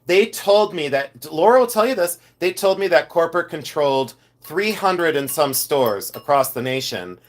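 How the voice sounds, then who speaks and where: A man with a somewhat high-pitched voice chats loosely through a live stream. He rambles and repeats himself, piling on exasperated asides as he talks. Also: animated, normal speed, few pauses. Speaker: live-stream host selling gemstones. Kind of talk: casual live-stream chat.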